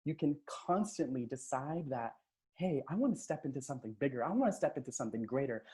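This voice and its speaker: Talking into his computer mic on a video call, a transformational coach leads a live online session, cheering and giving quick shout-outs to fire up the chat. His warm, mellow mid-range voice has lively intonation.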